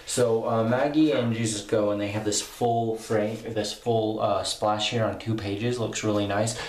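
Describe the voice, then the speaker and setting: Young guy, eager, rambling comic review, low-ish voice, roomy echo. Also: unhurried, slight background noise. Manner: excited, rambling, many fillers.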